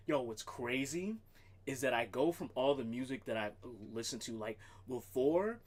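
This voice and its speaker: A male streamer rants casually on a livestream. He swears freely and talks to his cat now and then. His pitch swings widely as he talks. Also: animated, moderate pace.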